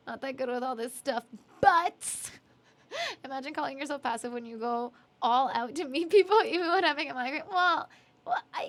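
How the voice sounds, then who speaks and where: A woman's voice: high-pitched, a bit bright. A young adult woman streamer chatting casually with viewers, giggly and emotional, teary and yawning, often apologizing. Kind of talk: casual chat reading viewer messages.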